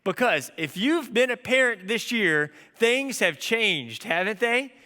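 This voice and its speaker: A man in his thirties preaches with a high, bright voice. He tells stories in a lively, conversational way, and his voice rings with the long reverb of a large hall. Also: unhurried. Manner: storytelling, animated and conversational. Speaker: pastor. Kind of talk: sermon.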